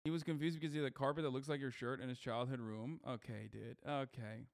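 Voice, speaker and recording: A man's voice: mid-range voice, steady tone, fast, gravelly. A man streaming live, reading chat and talking loosely and profanely with lots of fillers. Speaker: streamer host. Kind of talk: casual livestream chat, reading chat messages.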